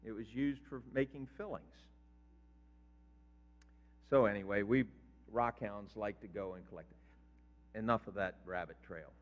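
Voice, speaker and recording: An older male pastor preaches a sermon in a church sanctuary, conversational and quizzing his congregation. His voice is fairly low and measured with long pauses, recorded in a reverberant hall with dull lo-fi sound.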